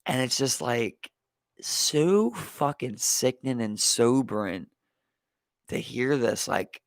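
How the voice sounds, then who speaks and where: A man's voice: medium pitch, takes it slowly, creaky, no echo. A young man with a Baltimore accent, telling a story casually on a podcast, rambling with many fillers and calling his listener "bro.". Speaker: podcast co-host.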